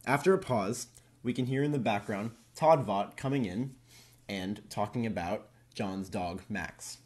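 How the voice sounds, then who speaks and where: A young man narrating a police evidence transcript in a deliberate, formal reading. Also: fairly low pitch, natural voice. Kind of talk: read-aloud case transcript narration.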